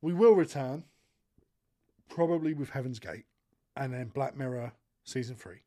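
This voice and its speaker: A man in his thirties hosting a podcast, chatting casually in blunt, sweary, animated banter, recorded in a studio. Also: medium pitch, normal speed. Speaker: podcast host. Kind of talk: casual chat.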